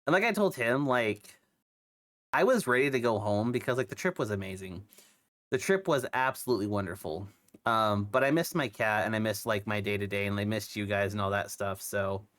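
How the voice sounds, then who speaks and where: A man's voice: lowish voice, brisk, a bit bright. A young man who is sick with a cough, chatting casually on his stream, rambling with lots of fillers and restarts. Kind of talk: casual chat.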